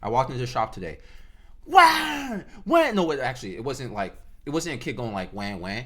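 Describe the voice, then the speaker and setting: Animated man telling a story, lively pitch. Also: fast talker. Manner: animated, acts out sounds and jumps between high and low pitch; slangy and conversational. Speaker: vlogger. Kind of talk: casual storytime rant.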